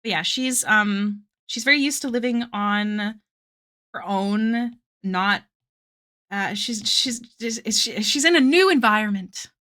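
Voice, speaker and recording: A woman's voice: medium pitch, slow, pushed and bright. A woman art streamer chatting casually with her viewers, rambling with lots of fillers and little giggles. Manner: chats with live viewers between tangents. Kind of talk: casual chat while drawing.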